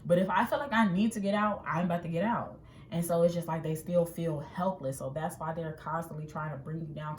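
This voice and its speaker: A woman giving a casual tarot reading in a chatty, animated way, acting out what people might say. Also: low-pitched. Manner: chatty, animated, acts out quotes. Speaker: tarot reader. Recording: echoey room with faint ambient noise.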